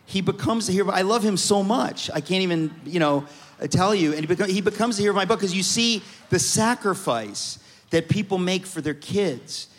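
A middle-aged man from New York telling funny family stories on stage, animated and comic, often restarting his sentences. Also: high-pitched, brisk. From New York, USA. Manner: animated, comic, self-interrupting. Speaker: guest speaker. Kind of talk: storytelling on stage. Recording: reverberant hall.

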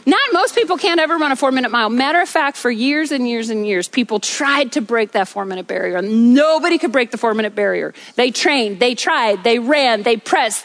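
A woman preacher delivering an energetic sermon on a church stage, telling stories with rhythmic repetition. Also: a little high. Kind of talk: sermon with storytelling.

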